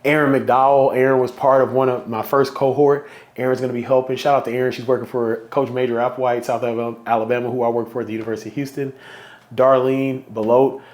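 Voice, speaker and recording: A man's voice: mid-range voice, level tone, fast talker, a little mellow. Heartfelt man hosting a solo podcast. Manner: heartfelt, emotional, conversational. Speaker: podcast host. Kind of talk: casual solo podcast talk.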